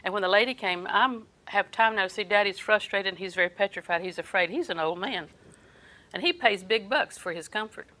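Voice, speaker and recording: An older woman preaching a sermon, folksy and storytelling, often dropping her voice soft. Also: mid-range voice, brisk, poor audio.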